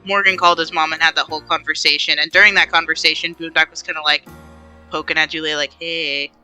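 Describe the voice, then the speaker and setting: A woman's voice: low-pitched, fairly even intonation, fast talker, pushed and bright, faint music behind, low-quality recording. A woman co-hosting a podcast, animatedly retelling a tabletop game session and swearing freely. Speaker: podcast co-host and player.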